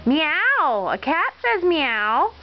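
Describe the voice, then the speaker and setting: Mother, sing-song baby talk, unhurried and coaxing, dull lo-fi home video with faint hiss. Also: high-pitched, very animated. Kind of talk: home video talking to a toddler.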